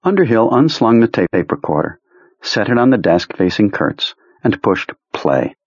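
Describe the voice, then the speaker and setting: Low, husky male audiobook narrator. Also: big pitch swings, moderate pace, no room sound, lo-fi sound. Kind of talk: scripted narration.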